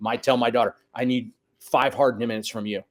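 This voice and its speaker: Brief: middle-aged man, soccer coach guest, lively storyteller, swears casually, mid-pitched voice. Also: fairly quick. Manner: animated storyteller, acts out quotes, swears.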